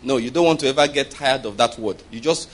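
A husky male preacher talks his congregation through a sermon like a conversation. He keeps checking that they follow and chuckles between points. His pitch sits in the middle of the male range. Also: brisk.

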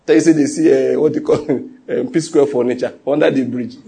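A middle-aged man preaching a sermon, telling stories with animated quoted voices and frequent laughs. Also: mid-range voice, brisk, gravelly, slightly rough. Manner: animated storytelling, laughs often, acts out quotes. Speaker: pastor.

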